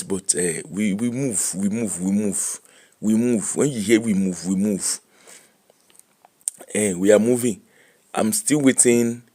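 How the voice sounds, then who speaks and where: Lively Nigerian Pidgin-speaking man. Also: on the low side. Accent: Nigerian Pidgin English. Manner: animated, laughing, switching between Pidgin and English. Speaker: host. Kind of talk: casual live-stream chat.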